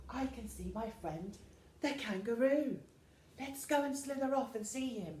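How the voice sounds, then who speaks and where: A woman voicing a slow, hushed female snake who invites children to slither, with a low breathy drawl. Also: lively intonation, far from the mic, a little hiss or hum. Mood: soft, coaxing. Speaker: children's centre worker. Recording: roomy echo, voice from afar.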